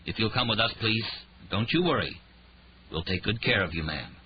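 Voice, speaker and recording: Guy doing a calm polite cop, quick and firm, muffled audio. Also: on the low side, a little hiss or hum, natural voice. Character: polite firm male police officer.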